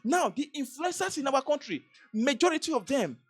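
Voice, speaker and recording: A woman's voice: high-pitched, big pitch swings, brisk, faint music behind. A Nigerian woman vlogger giving an emphatic political commentary, repeating phrases and restarting sentences as she presses her points. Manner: emphatic, repetitive, stammering restarts.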